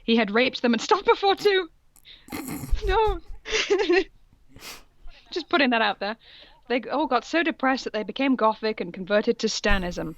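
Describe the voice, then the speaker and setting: A woman's voice: a little high, lively intonation, a little slow, long pauses, a bit bright, muffled recording. A woman co-hosting a podcast, reading fan fiction aloud with mocking, laughing asides. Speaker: podcast co-host.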